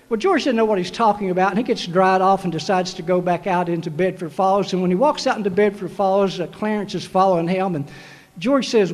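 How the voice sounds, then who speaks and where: A high-pitched man speaks a little fast as he delivers a graduation sermon, pressing the class with emphatic repetition. As commencement preacher, his words ring out with long hall reverb.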